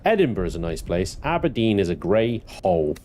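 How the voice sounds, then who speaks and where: A low, mellow-voiced young man from Britain chats with his livestream viewers while he plays, and his pitch swings a lot as he jokes and swears. Faint background noise sits under the voice. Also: sing-song, brisk. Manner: chatty, swearing, laughing, mock-indignant high squeals. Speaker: gaming livestreamer. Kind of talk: casual livestream chat with viewers.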